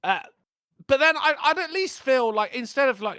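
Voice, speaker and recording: A man hosts a casual, crude livestream chat, rambling through stories with animated jokes. His voice is bright and swings up and down a lot. The sound is dry and close. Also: very high voice, moderate pace, clear, resonant tone, no echo. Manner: rambling, animated, jokey storytelling. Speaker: livestream podcast host.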